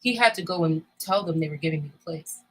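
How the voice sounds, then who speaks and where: Husky low-voiced woman, blunt and emphatic. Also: fast, rough recording. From United States. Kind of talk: candid casual chat.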